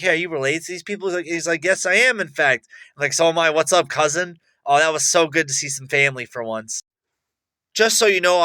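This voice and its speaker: A young man rambling boastfully in a monologue to camera, excitable and repeating himself. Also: a little high, smooth. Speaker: vlogger.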